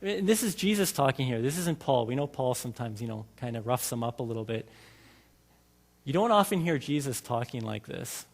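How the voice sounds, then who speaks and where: A man's voice: mid-range voice, expressive, a little fast. A man preaching a sermon in a church, talking to the congregation in a conversational way and asking them many questions. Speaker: lay preacher. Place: church sanctuary. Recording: hall reverb from a church.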